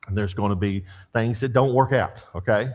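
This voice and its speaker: A man's voice: fairly low pitch, moderate pace, lo-fi sound. An older man teaching a church Bible class, telling stories and asking the class questions. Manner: storytelling, animated, asks the class questions.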